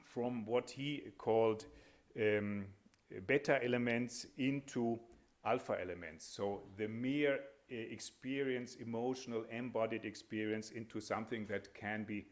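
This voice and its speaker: A man giving an academic lecture as a panel speaker, measured and hesitant, with frequent pauses and fillers. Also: medium pitch.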